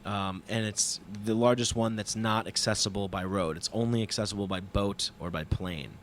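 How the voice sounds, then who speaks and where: A man hosting a podcast, telling a travel story in a casual, animated and profane monologue that mocks himself. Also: on the low side, moderate pace, slight background noise. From New York. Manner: profane, animated, self-mocking retelling.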